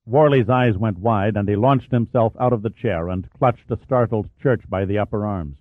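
A man's voice: fairly low pitch, no echo. Man narrating an audiobook, tinny sound. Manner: measured, dramatic storytelling. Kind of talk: scripted narration. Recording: tinny phone-like sound, dry.

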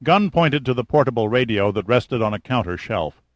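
A man reading an audiobook's narration in an even, measured way. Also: mid-range voice, no room sound.

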